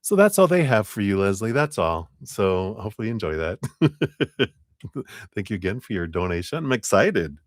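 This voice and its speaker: A man's voice: lowish voice, big pitch swings, fast, hardly any pauses, no echo, clean studio sound. A man hosting a live tarot reading stream, bubbly and giggly, breaking into sing-song sounds. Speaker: tarot reader.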